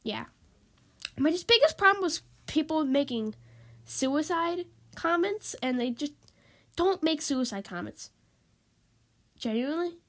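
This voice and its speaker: A woman with a high, expressive voice speaks a little slowly and pauses often in a rambling, casual vlog made with a tablet microphone. She is stuffy and sniffly, apologizes, and repeats herself.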